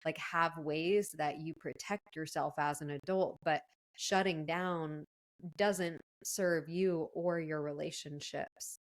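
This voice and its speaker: Slow, low-voiced woman podcast host. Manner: calm, affirming listener. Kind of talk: casual interview conversation.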